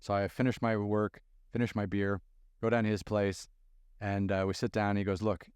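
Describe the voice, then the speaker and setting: A man's voice: lowish voice, normal speed, smooth, no room sound, clean studio sound. A man from Canada in his thirties hosting a podcast, telling stories casually and using "like" a lot. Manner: storytelling, relaxed, says "like" often. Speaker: podcast host.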